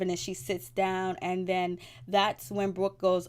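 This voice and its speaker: A woman's voice: medium pitch, flat delivery, normal speed, hardly any pauses, a little mellow. A woman hosting a casual recap, retelling the show's events in a chatty way full of slang and playful asides. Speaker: TV recap host. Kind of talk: casual chat recapping a reality show.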